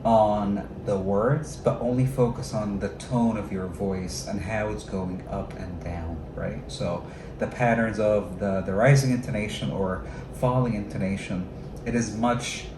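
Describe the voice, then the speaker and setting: A man who trains teachers, talking over a lesson video and explaining in a measured way, with frequent fillers. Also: fairly low pitch, fairly even intonation. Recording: echoey room with clear background noise.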